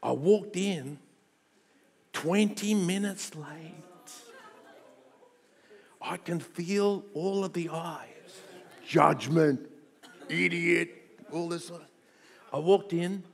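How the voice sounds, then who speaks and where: A middle-aged man, preaching a sermon and telling a personal story in an animated way, dropping to hushed tones and rising to loud bursts. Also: high-pitched, slow, long pauses. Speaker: pastor.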